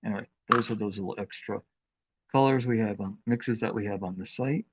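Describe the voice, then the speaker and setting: A man hosting a live craft demonstration, talking in an unhurried, chatty way with plenty of fillers as he works with his hands. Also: lowish voice, dull audio, background noise. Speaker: craft demo host.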